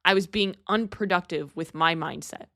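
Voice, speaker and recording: A woman's voice: on the low side, normal speed, sharp tone, no echo, clean studio sound. A young adult woman hosting a podcast, giving a candid, earnest motivational monologue and swearing casually. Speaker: podcast host.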